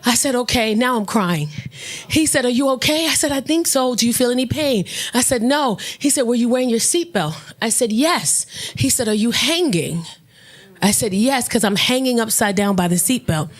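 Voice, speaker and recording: A woman comedian telling a stand-up story, brash and profane, who jumps into loud, high shouts at the punchlines. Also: lively intonation, moderate pace. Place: comedy stage with audience.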